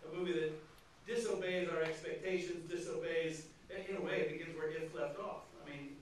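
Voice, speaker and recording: A man's voice: fairly high pitch, steady tone, fairly quick, slight background noise. A man moderating an onstage film discussion, speaking analytically with hesitant restarts. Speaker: moderator of a screening Q&A. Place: large theatre hall. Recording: echoey theatre from far off.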